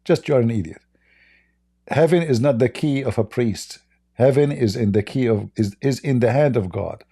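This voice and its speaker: A man's voice: moderate pace, warm tone, breathy edge. Blunt, mocking man. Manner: laughs often, blunt and mocking, mimics callers in higher voice. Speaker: debate livestream host. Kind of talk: casual livestream debate talk.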